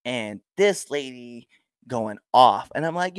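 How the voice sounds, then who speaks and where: A man's voice: slow, clean tone, dry recording. A young man, a pro wrestler, telling stories casually and acting out crowd exchanges. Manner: animated storyteller, acts out crowd exchanges with big pitch jumps. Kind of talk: casual storytelling interview.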